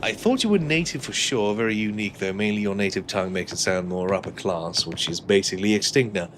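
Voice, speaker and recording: Dry, swearing streamer with posh-sounding accent. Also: male voice, lowish voice, expressive, quick pace, fairly bright tone, a little hiss or hum. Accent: mixed, upper-class English-sounding. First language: not English. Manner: dry, jokey, swearing often. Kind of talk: casual gameplay stream, reading chat.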